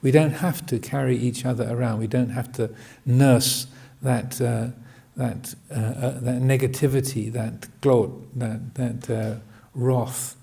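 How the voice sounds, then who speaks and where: A man giving a Buddhist dharma talk, hesitant and full of restarts, often laughing gently. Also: medium pitch, little pitch movement, a little slow, vocal fry, hardly any pauses. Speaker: Buddhist monk teaching.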